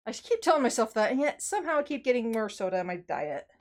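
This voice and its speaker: With a slightly high voice, big swings in pitch and a brisk delivery, a woman streamer talks casually live after a workout. Tired and short of breath, she rambles, sighs often and runs herself down.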